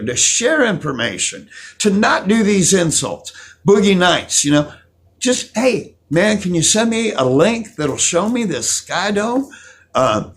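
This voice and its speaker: A middle-aged man rants straight at his viewers in a casual vlog, preachy and combative, and says his points over and over. His voice sits a bit high and carries a gravelly edge. His pitch swings up and down a lot as he pushes each point. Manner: preachy, combative, repeats himself for emphasis. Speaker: channel host.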